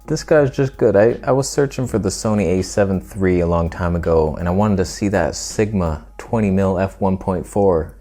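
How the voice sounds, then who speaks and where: Casting: low, mellow-voiced male YouTube host, sarcastic roast delivery, faint music underneath. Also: slightly rough. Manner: sarcastic, mocking, with mock impressions. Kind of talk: comedic roast monologue.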